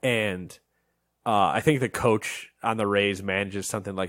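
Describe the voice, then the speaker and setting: Low-voiced man telling a sports story. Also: fairly quick, no room sound, clean studio sound. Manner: animated storytelling, acts out quotes. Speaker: podcast co-host. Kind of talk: casual chat.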